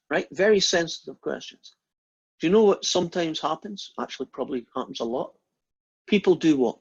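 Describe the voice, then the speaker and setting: A man's voice: a little high, animated, a little fast, husky. A man giving a university maths lecture, chatty and quizzing the class with questions. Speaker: math lecturer. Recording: dull lo-fi recording.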